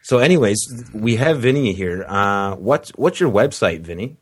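A man hosts an internet talk radio show. He chats casually with guests in a loose, stop-start manner, and his voice sits on the low side. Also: expressive, slightly rough. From Canada. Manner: loose, halting, conversational.

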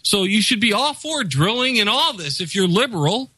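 Man, somewhat high voice, emphatic, sardonic, dry close sound. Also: big pitch swings, moderate pace, sharp tone, slightly rough, dry recording, poor audio. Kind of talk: casual political chat.

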